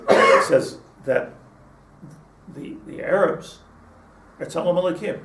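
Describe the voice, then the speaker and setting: A man's voice: fairly high pitch, very animated, moderate pace, creaky, crowd noise. A man teaching a casual Torah class, rambling with many restarts and mixing in Hebrew terms. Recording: echoey room, mic at a distance, faint hum.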